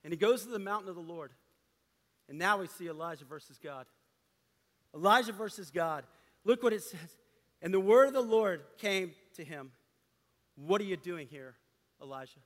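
A man preaching a sermon to a gathering of men, impassioned, dropping to a hush and rising again. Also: high-pitched, moderate pace, pauses often. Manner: impassioned preaching, swinging between loud and hushed. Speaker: pastor. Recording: long hall reverb.

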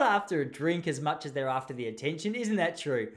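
A man's voice: fairly high pitch, quick pace, few pauses. Rambling, jokey Australian man. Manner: rambling, jokey, animated storytelling with laughs. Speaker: podcast host. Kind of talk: casual chat.

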